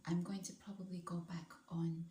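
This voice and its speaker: A woman's voice: fairly low pitch, level tone, normal speed, dark tone, roomy sound, a little hiss or hum. A woman vlogging in casual, enthusiastic chat, rambling a little as she goes. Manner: chatty, enthusiastic, rambling with restarts.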